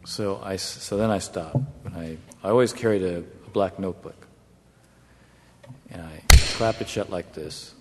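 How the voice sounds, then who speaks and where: Man, low voice, wry measured storyteller, long hall reverb. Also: noisy background. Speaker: negotiator telling a story. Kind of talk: anecdote told to an audience.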